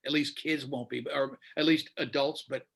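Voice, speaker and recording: A man's voice: mid-range voice, fairly even intonation, moderate pace, creaky, a bit bright, husky. A man in his fifties, a radio host being interviewed, talking bluntly and with animation in casual chat. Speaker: radio show host, guest.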